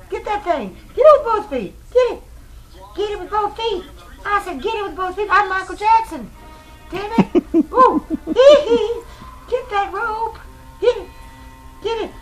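A woman voicing a feisty, cranky house cat in a squeaky, cussing voice for a home video. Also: rough recording.

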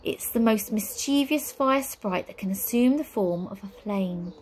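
A woman's voice: mid-range voice, lively intonation, darkish tone, a little hiss or hum, close to an everyday voice. A woman as a cool, smug witch. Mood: gleeful. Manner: cool, drawn-out, teasing delivery.

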